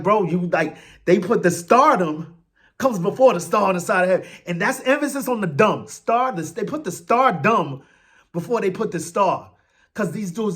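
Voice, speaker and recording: A man hosts a casual sports fan show, his voice sitting a little high for a man. He talks in a slangy, animated way and throws in loud emphatic bursts. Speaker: sports podcast host.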